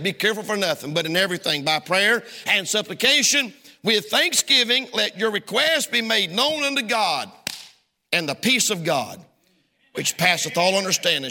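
High, bright preacher with reverb. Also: male voice. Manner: preaching with big pitch swings and sudden shouts. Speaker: pastor. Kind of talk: sermon. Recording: long hall reverb.

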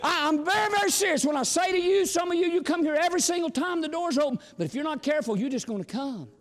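A man's voice: extremely high pitch, animated, quick pace, big-room sound. A man preaching a sermon, folksy and storytelling, sometimes exclamatory and sometimes chatty. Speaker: visiting preacher.

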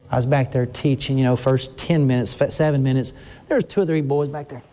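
A man's voice: fairly even intonation, fairly quick, mellow. An older man, preaching a sermon in an emotional, earnest way and breaking off to restart his sentences often. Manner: emotional, rising pitch when stirred, frequent restarts. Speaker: pastor.

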